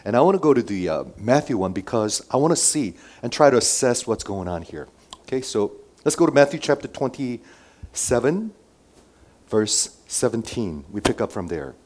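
A man preaching a sermon who moves between loud emphatic lines and quiet asides, and asks his listeners many rhetorical questions. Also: mid-range voice, sing-song, normal speed. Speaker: pastor.

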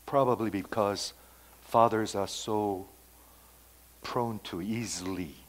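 A man's voice: fairly low pitch, steady tone, slow, slight background noise. Male pastor, sermon, dramatic dynamic swings, conversational. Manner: emphatic, swings from loud to hushed.

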